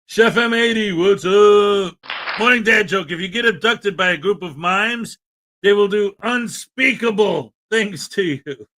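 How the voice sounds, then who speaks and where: A man's voice: high voice, measured pace, bright, forceful tone, a little hiss or hum. A man hosting a morning livestream, greeting viewers by name in a chatty, upbeat way. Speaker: livestream host. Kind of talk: casual livestream chat.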